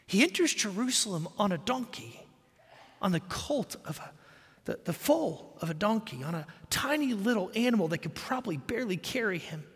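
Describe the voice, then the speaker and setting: A male pastor delivering a sermon, preaching emphatically and then dropping to soft, quiet passages. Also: breathy edge, long reverb tail. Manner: animated, emphatic preaching that drops to soft lows.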